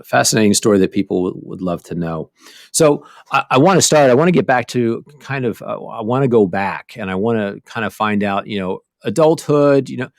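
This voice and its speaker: A man's voice: on the low side, no room sound, studio quality. A man hosting a podcast, asking long, rambling questions with enthusiasm and plenty of fillers. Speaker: podcast host. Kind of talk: casual interview chat.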